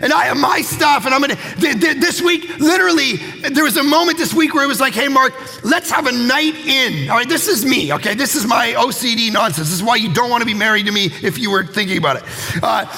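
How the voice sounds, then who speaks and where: A pastor in his thirties or forties preaching a lively sermon, telling self-mocking stories and acting out other people's voices. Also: very high voice, fast, vocal fry. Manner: animated, self-mocking storytelling; acts out quoted voices. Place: church auditorium. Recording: long hall reverb with faint music.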